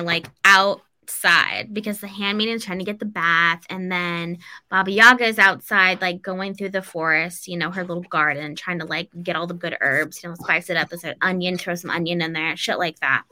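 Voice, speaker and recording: Woman co-host, loose, rambling storyteller who swears; bright, sharp tone. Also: lowish voice, moderate pace. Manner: rambling, loose, swears, lots of likes and ums. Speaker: podcast co-host. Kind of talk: casual storytelling chat.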